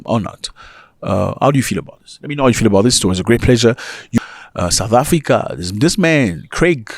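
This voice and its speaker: A man giving casual opinion commentary to his viewers, animated and full of rhetorical questions and chuckling asides. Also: medium pitch, a little fast, vocal fry, dry recording, studio quality.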